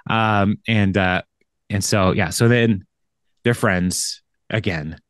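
A man co-hosting a podcast takes his time, his lowish voice carrying a slightly bright edge in a studio-quality recording without room sound. His episode recap is relaxed and rambling, packed with fillers and laughing.

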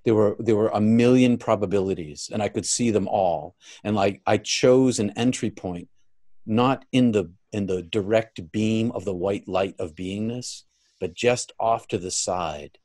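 A man speaking as a guest, telling a personal story earnestly, swelling louder at the high points and dropping soft near the end. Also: a little slow.

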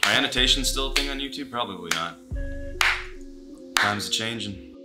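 A man's voice: animated, moderate pace. A young man doing a mock-paranoid comedy rant as a YouTuber. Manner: mock-paranoid, yelling in a frantic high voice. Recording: voice over loud music.

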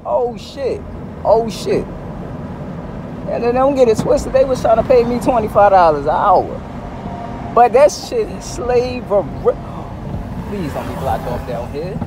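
A man vents from his car in a casual vlog, dramatic and full of cursing. His voice sits fairly high and swoops all over, and he drags his words out slowly. Street and car noise rumbles clearly behind him. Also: very animated. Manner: profane, exasperated, dramatic. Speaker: vlogger. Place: in a car, outdoors traffic.

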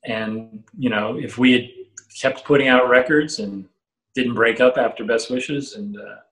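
Animated storytelling man in a roomy space. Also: mid-range voice, measured pace. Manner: animated storyteller who acts out quotes, swears freely. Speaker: guest, guitarist. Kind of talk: storytelling interview. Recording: roomy echo.

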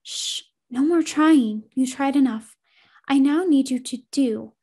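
A woman doing a hushed, pleading trapped ghost girl. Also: sits high, measured pace.

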